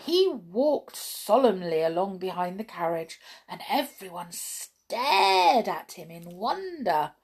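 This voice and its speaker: A woman reading a children's fairy tale aloud in a gentle, expressive storytelling manner. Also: mid-range voice, takes it slowly, gravelly, hardly any pauses, breathy edge. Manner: gentle, expressive reading with lively dialogue voices.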